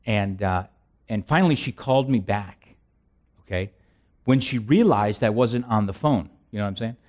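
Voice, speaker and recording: A man's voice: on the low side, moderate pace, a little mellow. A male pastor preaching a conversational sermon, asking rhetorical questions and repeating phrases, with self-deprecating asides. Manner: self-deprecating humor, frequent restarts.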